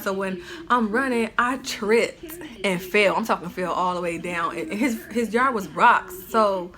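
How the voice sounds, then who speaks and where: A woman telling a personal story in a casual storytime vlog, animated and slangy, with lots of "like" fillers. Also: lowish voice.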